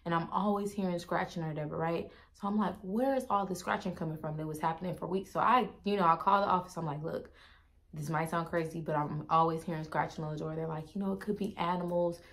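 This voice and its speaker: A young adult woman vlogger telling a story in an animated, chatty way, swearing and turning to her viewers with asides. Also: on the low side, quick pace, vocal fry. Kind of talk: casual storytime.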